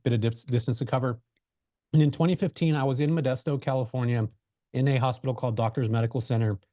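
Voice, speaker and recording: A man's voice: medium pitch, a little mellow, no echo, studio quality. A man guest on a webinar interview, telling his story in a loose, conversational way with lots of fillers and restarts, over a video call mic. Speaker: real estate investor guest.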